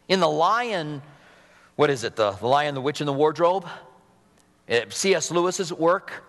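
Man, pastor, sniffly cold, fairly high voice, earnest and conversational, long hall reverb. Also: a bit bright. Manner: earnest, conversational preaching with humor and asides. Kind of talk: sermon. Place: church sanctuary at a pulpit.

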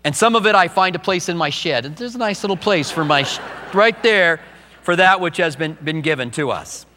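Middle-aged guy pastor, kinda high voice, earnest sermon, long church echo. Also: expressive, a little fast, pushed and bright, a little hiss or hum. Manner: earnest, personal storytelling.

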